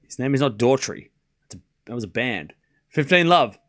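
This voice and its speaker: A man's voice: medium pitch, lively intonation, moderate pace, fairly bright tone. A man casually commentating a live tennis match on a stream, joking and chatting with viewers. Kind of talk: casual watchalong play-by-play.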